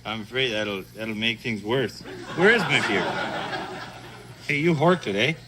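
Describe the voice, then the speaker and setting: An actor playing a groggy, dim Canadian brother in a comedy sketch, with a Canadian accent and a whiny, bewildered manner. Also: male voice, medium pitch, a little slow, a loud crowd, close to an everyday voice. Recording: loud noise, old TV sketch.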